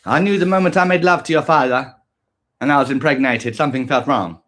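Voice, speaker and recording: A man voicing a cold mother who scolds her son in a low, dismissive voice. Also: fairly quick, fairly bright tone, lightly acted.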